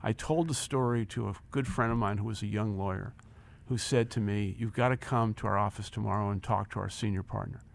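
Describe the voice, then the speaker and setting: A man's voice: on the low side, fairly quick, creaky, few pauses. A man in his sixties, a guest in an interview, telling a personal story with energy, acting out the dialogue and repeating words as he gets carried away. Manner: animated storyteller, acts out quoted dialogue, repeats words when excited. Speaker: interview guest, former company chief.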